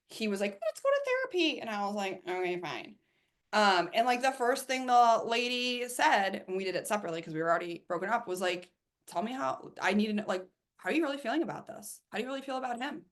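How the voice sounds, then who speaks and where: A woman coach giving an emphatic, animated motivational talk, with casual swearing and acted-out asides. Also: mid-range voice, fast talker.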